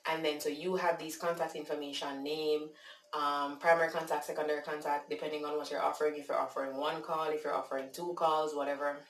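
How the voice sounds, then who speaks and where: A Jamaican woman vlogger telling a casual, animated story, with frequent fillers. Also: low-pitched, fast, a little hiss or hum. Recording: echoey room, distant mic.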